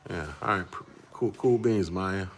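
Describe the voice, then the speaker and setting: A man's voice: low voice, normal speed. A man in his forties, a livestream host, chatting casually with viewers in a laid-back way and laughing often. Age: 40s.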